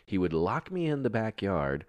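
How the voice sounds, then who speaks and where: A man's voice: lowish voice, big pitch swings, normal speed. A young man in casual chat, telling a long rambling story with frequent laughs and swearing.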